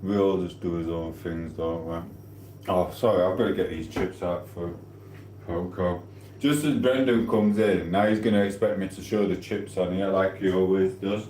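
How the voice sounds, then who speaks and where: A man with a lowish voice chats away to his live-stream viewers in an easygoing, rambling way, often asking if they know what he means and breaking into laughter. His voice rings a little in a roomy home kitchen, with a faint hum of background sound behind him. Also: fairly even intonation, moderate pace, darkish tone. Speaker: livestreamer chatting with viewers. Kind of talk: casual live-stream chat. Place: home kitchen while cooking.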